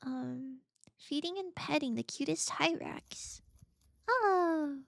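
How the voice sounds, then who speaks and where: A woman's voice: sits high, slow, gravelly, no room sound, clean studio sound. A woman streamer chatting casually while playing games, bubbly and gushing, laughing often. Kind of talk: casual gaming stream chat.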